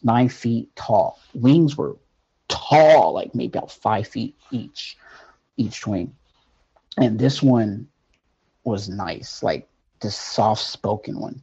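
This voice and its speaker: A man telling a personal near-death story in an earnest, halting way, with many fillers. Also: lowish voice, dark tone, slightly rough, lo-fi sound.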